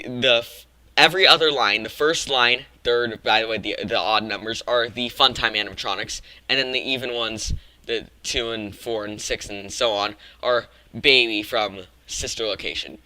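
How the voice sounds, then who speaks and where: A man with a strikingly bright, forward voice hosts a casual game-theory vlog. He talks in a loose, rambling way, often stopping to restart or fix his words. The sound is close and completely dry. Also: medium pitch, moderate pace, no room sound, low-quality recording. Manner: rambling, frequent self-corrections and restarts. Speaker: gaming channel host.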